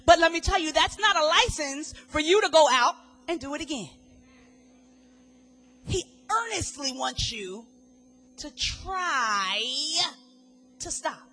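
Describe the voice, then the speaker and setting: A woman preaching a sermon, swinging dramatically between hushed lines and loud, fervent ones. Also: high voice, expressive, slow, vocal fry, pauses often, soft background music.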